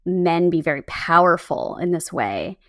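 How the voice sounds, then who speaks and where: A woman co-hosting a podcast in casual chat, animated and rambling, often laughing. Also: fairly low pitch, a little slow. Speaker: podcast co-host. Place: Los Angeles.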